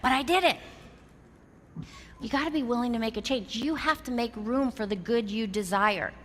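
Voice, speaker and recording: A woman giving an animated, story-driven motivational talk, acting out dialogue and landing emphatic lessons. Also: fairly high pitch, moderate pace. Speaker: motivational speaker. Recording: reverberant hall, faint background noise.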